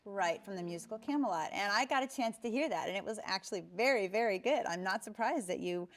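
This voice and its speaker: A woman hosts a talk show on a stage before a live audience, interviewing guests with engaged, encouraging questions. She has a mid-range voice, lively intonation, and talks fast.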